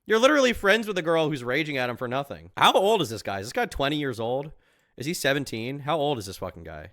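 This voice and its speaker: A man's voice: medium pitch, sing-song, fairly quick, fairly bright tone, no room sound, clean studio sound. A man streaming reaction commentary, mocking and incredulous, swearing often and breaking into laughter.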